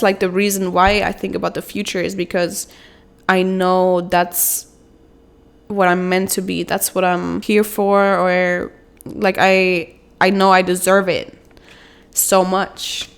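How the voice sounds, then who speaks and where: A young woman and mother talking in a soft, rambling, confessional way in a self-help vlog, with many fillers. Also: mid-range voice, clear, resonant tone. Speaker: vlogger, mother.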